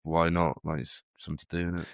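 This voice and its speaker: A man's voice: deep voice, little pitch movement, quick pace, creaky, clean tone, dry recording, clean studio sound. A man, co-hosting a podcast and rambling through theories in casual chat, with frequent restarts. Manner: rambling, speculative, full of restarts. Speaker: podcast co-host.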